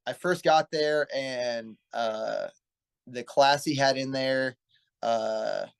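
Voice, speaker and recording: A man's voice: mid-range voice, slow pace, vocal fry, clean tone. A man in his twenties, a pro wrestler guest in a casual interview, telling his story in an earnest, rambling way and often correcting himself. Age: 20s.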